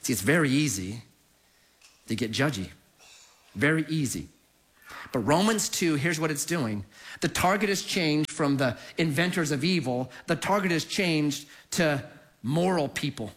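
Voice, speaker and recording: Animated male pastor preaching. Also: fairly high pitch, a little slow. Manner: animated storytelling with acted quotes. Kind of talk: sermon.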